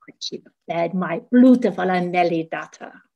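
A woman reading aloud, voicing a drunk mother who slurs her words slowly. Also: fairly low pitch, vocal fry, warm tone, lo-fi sound. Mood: slurring. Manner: slurred, slow. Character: drunk slurring mother, sleepy and dismissive.

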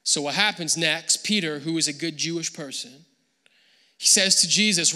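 A man preaching a sermon as pastor, animated and acting out the people he quotes. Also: fairly high pitch, moderate pace, in a large hall. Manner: animated, acts out quoted voices. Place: church hall.

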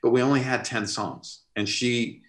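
A middle-aged man, a record producer, telling an animated story in a casual interview. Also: mid-range voice, moderate pace. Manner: animated, expressive, pushes to sudden bursts. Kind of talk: storytelling anecdote in casual conversation.

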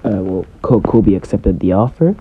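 A man's voice: deep voice, animated, moderate pace, phone-quality sound, slight background noise. A man casually narrating a fan-made story, hesitant and full of fillers.

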